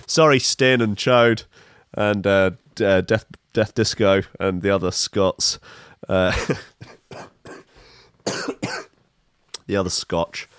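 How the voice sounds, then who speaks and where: A man's voice: lowish voice, fairly even intonation, slow, smooth, no echo. A man giving comic, profane reaction commentary on a video clip, sarcastic and rambling.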